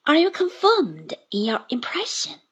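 A woman reading the part of a calm, composed young man who answers mildly and cheerfully. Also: high voice, a little slow, voice pushed up, heavily acted. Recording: dull lo-fi recording.

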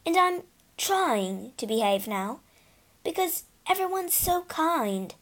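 A woman's voice: sits high, sing-song, takes it slowly, a bit bright, pitched above the performer's own voice, heavily acted. Woman voicing Ginger, a bitter mare. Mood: softened. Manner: sullen, bitter storytelling. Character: bitter, hurt young mare. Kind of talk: storybook reading.

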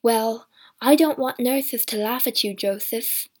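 A woman's voice: high voice, a little slow, a little mellow, pitched above the performer's own voice. A woman voicing a kind, earnest male hospital doctor who speaks up insistently.

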